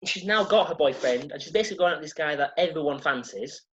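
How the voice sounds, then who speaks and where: A man's voice: fairly high pitch, lively intonation, fast, fairly bright tone. A man hosting a casual chat, ranting with exaggerated sarcasm and plenty of swearing. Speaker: podcast host. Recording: dull lo-fi sound.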